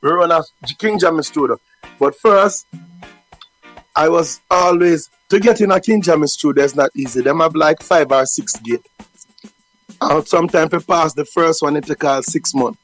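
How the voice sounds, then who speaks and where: A man with a Jamaican accent, a reggae deejay telling stories in an interview, lively and acting out voices. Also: a little high, normal speed, soft background music, rough recording. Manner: animated, acts out quoted voices. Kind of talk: storytelling interview.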